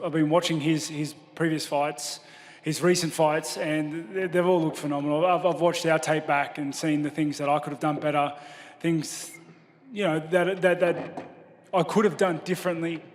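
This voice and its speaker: A man answering questions as a fighter at a press conference, modest and halting with many restarts. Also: a little high, big-room sound.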